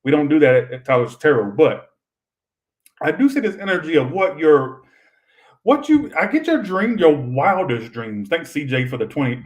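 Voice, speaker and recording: A man's voice: medium pitch, highs cut off. A young man giving a chatty, rambling live-stream tarot reading, swearing freely and talking straight to his viewers. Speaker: tarot reader.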